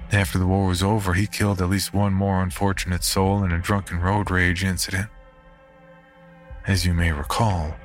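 Male narrator, low voice, grim scripted horror reading. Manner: measured, grim storytelling. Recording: narration over background music.

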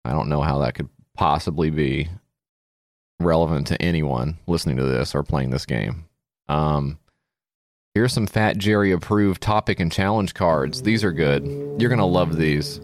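A man with a very low voice cohosts a comedy podcast and mocks a party game in a crude, sarcastic way. The sound is dry and close, with no room around it. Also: moderate pace, dry recording. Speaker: podcast co-host.

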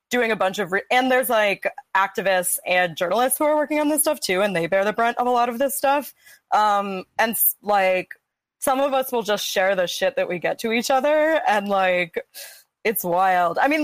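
A woman's voice: a little high, no room sound. A young adult woman, a researcher on a podcast, chatting casually with frequent fillers and dry sarcasm. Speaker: guest, PhD researcher.

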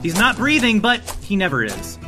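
A man narrating as game master of a tabletop game in a loose, halting, joking way. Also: sits high, huge pitch swings, over music.

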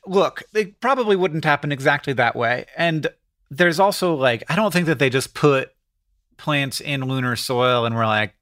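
Excitable, rambling man with a higher voice. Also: normal speed, no room sound, studio quality. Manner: rambling, excitable explainer with many fillers. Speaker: podcast co-host. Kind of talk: casual chat.

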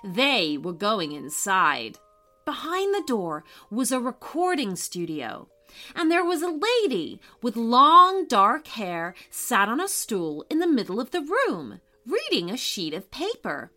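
A woman reading a children's story aloud as narrator, telling it with lively expression. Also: on the high side, takes it slowly, soft background music.

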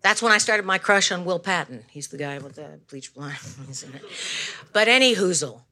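A woman's voice: fairly low pitch, animated, measured pace, pushed and bright. An older woman doing rambling, tangential stand-up on a wireless mic, full of apologies and self-deprecating asides. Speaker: comedian guest. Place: comedy stage before live audience. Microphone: handheld wireless mic.

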